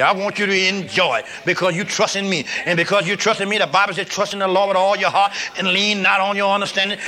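A man preaching a sermon to a congregation, reading scripture and leading call-and-response, building up to shouts. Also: sits high. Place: church service with a congregation.

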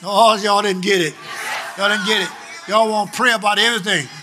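An older man preaching a sermon, shouting with emphasis and then dropping suddenly quiet. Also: sits high, steady tone, moderate pace, a crowd in the background, noisy background.

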